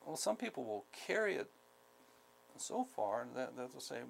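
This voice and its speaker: Gravelly-voiced man teaching a skills class. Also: mid-range voice, big pitch swings, a little hiss or hum, poor audio. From United States. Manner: deliberate, repeats key points, many ums. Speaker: instructor. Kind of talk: skills training lecture.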